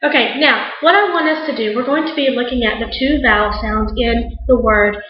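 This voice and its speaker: A woman teaching an English class in a classroom, speaking slowly and patiently and stretching out sounds for her students. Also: a little high. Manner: slow, patient, imitates animal sounds. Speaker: ESL teacher. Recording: echoey classroom, dull lo-fi sound.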